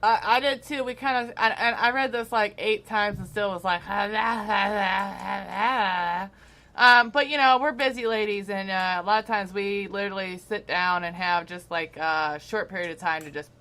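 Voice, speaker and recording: Podcast co-host, woman, slight Southern drawl, bright tone, loose and profane banter. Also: mid-range voice, moderate pace, hardly any pauses, clear, resonant tone. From Ohio. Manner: chatty, laughs often, swears casually. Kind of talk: casual chat.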